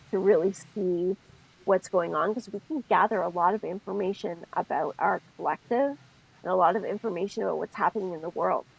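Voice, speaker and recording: A woman's voice: mid-range voice, vocal fry, breathy edge, poor audio. A woman co-hosting a casual spiritual chat podcast, talking expressively and often stopping to rethink mid-sentence. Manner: expressive, thinks aloud, self-interrupting. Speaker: podcast co-host.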